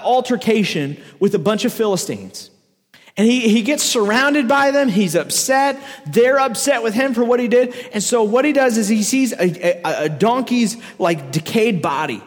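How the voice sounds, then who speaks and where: A man preaching a casual, joking sermon to a crowd, telling a story with frequent laughs. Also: very high voice. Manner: joking, animated, laughs often. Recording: echoey hall reverb.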